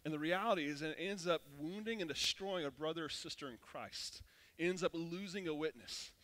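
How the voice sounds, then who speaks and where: Male pastor, thirties, casual animated sermon, high voice, bright tone. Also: a little fast. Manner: casual, animated storytelling with frequent restarts. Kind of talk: sermon with personal storytelling.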